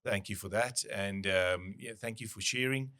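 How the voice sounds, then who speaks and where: Brief: male podcast host, low voice, easygoing, restarts his sentences a lot. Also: normal speed. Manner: relaxed, restarts often, thinks aloud. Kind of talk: casual business chat.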